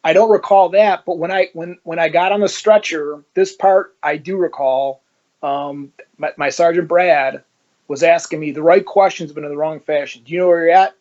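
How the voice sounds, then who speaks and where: A man's voice: on the high side, moderate pace, muffled recording. A man who is a former police officer, telling his story in an interview and acting out the dialogue as he goes. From Ohio, United States. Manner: animated storyteller who acts out quoted dialogue.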